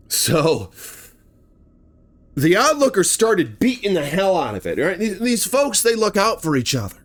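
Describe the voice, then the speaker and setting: Horror channel host, male: a dramatic storyteller with a higher, swooping voice who acts out the violence. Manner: dramatic, acts out the action with sound words and shouts. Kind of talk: animated retelling of a true bear attack.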